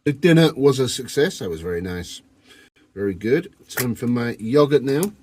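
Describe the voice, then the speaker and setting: A man's voice: mid-range voice, expressive, moderate pace, darkish tone, a little hiss or hum. Cheeky man vlogging from a van. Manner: cheeky, jokey, talks to camera. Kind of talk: casual camping vlog. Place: inside a van, in the countryside. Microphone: phone camera.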